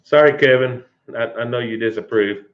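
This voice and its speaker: A man's voice: mid-range voice, normal speed, lo-fi sound, a little hiss or hum. A man hosting a casual live stream, rambling and folksy with frequent chuckles. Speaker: outdoor channel host.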